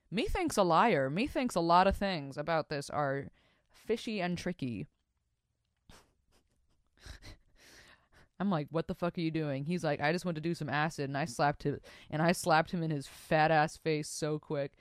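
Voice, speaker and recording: Reading listener stories on a relaxed podcast, this young woman keeps jumping in with lively, foul-mouthed comments and laughter. She has a low, smooth, clear voice, recorded up close and completely dry.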